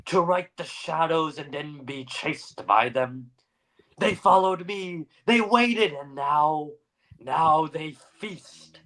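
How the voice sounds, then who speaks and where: A man's voice: on the high side, takes it slowly, fairly bright tone, pitched above the performer's own voice. A man doing a haunted, delirious dying poet. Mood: desperate. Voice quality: trembling, rasping. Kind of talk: dramatic storytelling reading.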